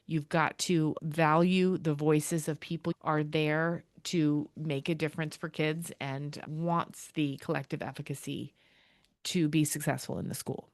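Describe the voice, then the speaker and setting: Unhurried and low-pitched, a middle-aged American woman who leads a school chats as a guest in a casual podcast interview. Her stories come alive as she acts out quoted lines, all captured in clean studio sound without echo.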